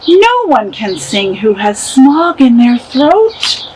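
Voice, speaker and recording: A woman's voice: high voice, sing-song, takes it slowly, darkish tone, slight background noise, full character voice, rough recording. A woman voicing the Lorax, a scolding little creature. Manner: scolding, indignant. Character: small grumpy male forest creature, scolding. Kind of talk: storybook read-aloud.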